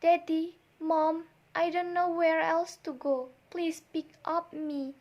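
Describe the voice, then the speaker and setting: A woman's voice: high voice, takes it slowly, muffled recording, full character voice. A young woman voicing a poor, hungry orphan boy who pleads and apologizes. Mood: pleading.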